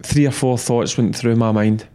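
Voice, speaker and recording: Blunt ex-footballer, animated. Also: male voice, mid-range voice, normal speed, clean tone. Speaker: football pundit, former player. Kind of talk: casual football chat.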